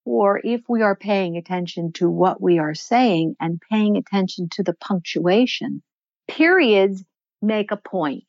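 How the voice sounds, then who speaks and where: A woman answering interview questions as a voice and performance coach, explaining in a measured, instructive way. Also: mid-range voice, a little mellow, no room sound, highs cut off. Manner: measured, instructive, slows to stress points.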